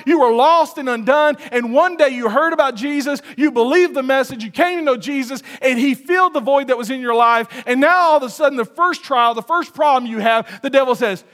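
A man's voice: very high-pitched, a bit bright. A male pastor preaching a sermon in a conversational, humorous way, often laughing at his own jokes.

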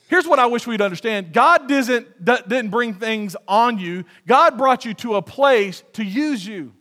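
A male pastor delivering a sermon with an unusually high-pitched voice. He preaches conversationally, poking fun and chuckling at his own jokes between points. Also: expressive, measured pace, few pauses, bright, forceful tone.

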